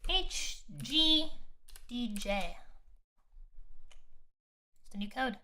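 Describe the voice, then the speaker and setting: A woman's voice: a little high, animated, extremely slow, pushed and bright. A woman streamer chatting casually while playing a game, rambling and restarting her sentences and laughing often. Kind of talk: casual live-stream gameplay chat.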